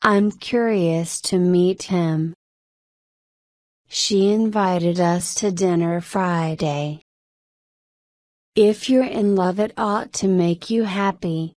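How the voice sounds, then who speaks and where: A woman reading the lines of a calm mother advising her daughter, slowly. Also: fairly low pitch, dry recording, clean studio sound.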